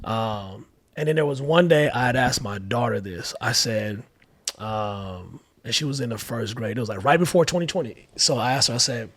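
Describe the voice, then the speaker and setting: Soft-spoken father telling candid stories. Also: medium pitch, no echo. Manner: candid storytelling with many fillers, acting out quoted voices. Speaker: podcast guest, father. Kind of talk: casual heartfelt conversation.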